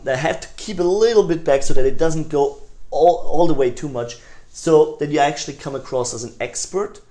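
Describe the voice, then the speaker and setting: Man teaching sales tonalities, swinging loud and soft. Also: medium pitch. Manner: demonstrates tonalities, swings between loud enthusiasm and soft hushed lines; conversational, many fillers and restarts. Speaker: sales trainer. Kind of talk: recorded online sales lesson.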